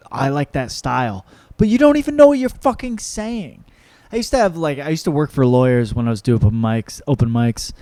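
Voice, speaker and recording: A man's voice: mid-range voice, a little mellow, no echo. A young man, a comedian hosting his own podcast, rambling and swearing as he reads out and answers viewer comments. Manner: rambling, profane, self-mocking. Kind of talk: casual solo podcast chat.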